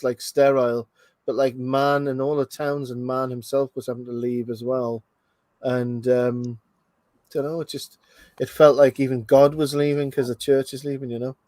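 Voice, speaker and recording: A man's voice: mid-range voice, a little mellow, no room sound. A man hosting a casual movie commentary, thinking aloud with lots of fillers and restarts. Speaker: host.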